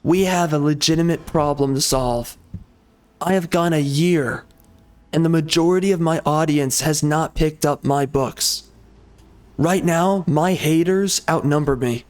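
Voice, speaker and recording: A man hosting a gaming channel, venting in an angry, profane rant with halting restarts and frequent swearing. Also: fairly high pitch. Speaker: gaming channel host and author. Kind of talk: frustrated rant over gameplay.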